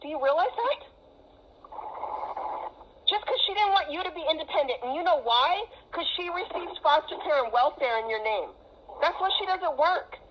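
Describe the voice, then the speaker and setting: Brief: middle-aged mother, high voice, agitated and lecturing, muffled call audio. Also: a little hiss or hum. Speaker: mother on a call with her adult daughter. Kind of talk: heated personal phone conversation.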